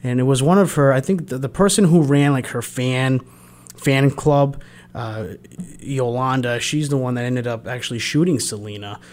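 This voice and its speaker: A man's voice: medium pitch, normal speed, a little mellow. A man hosting a local radio show, chatting casually between songs with many fillers and restarts. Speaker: radio host. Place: radio studio.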